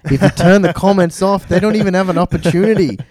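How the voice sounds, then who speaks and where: A man's voice: high voice, fairly even intonation, fast, darkish tone. A young adult man, a DJ, talking bluntly in a casual chat, swearing freely and acting out other people's words. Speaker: DJ guest.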